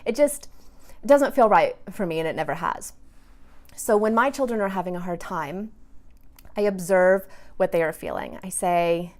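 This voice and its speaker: A woman in her thirties, a parenting coach, talking in a gentle, earnest way with small restarts as she gives advice. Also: fairly low pitch, moderate pace, long pauses. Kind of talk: casual advice talk to camera.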